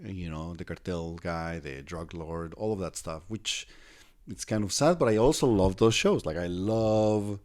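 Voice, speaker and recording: A man from Mexico hosts a casual podcast chat in a deep, low voice. He is encouraging and keeps prompting his guest with questions. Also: a little slow, a little mellow. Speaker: podcast host.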